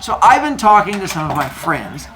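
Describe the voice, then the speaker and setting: A woman's voice: fairly low pitch, big pitch swings, normal speed, background noise. A woman voicing a scheming mother goddess who coaxes her sons in a casual, chatty way, at a live talk with an audience. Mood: coaxing. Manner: casual, chatty, playful delivery.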